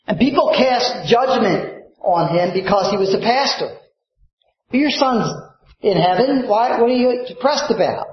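A male pastor preaching a sermon with impassioned delivery, rising suddenly to loud emphatic peaks and dropping low for quiet points. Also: roomy sound, muffled recording.

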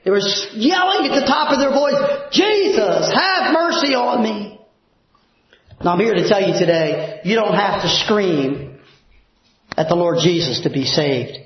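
A male pastor preaching a sermon in a church, emphatic, dropping low and soft for prayers. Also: sing-song, normal speed. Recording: very echoey, dull church recording.

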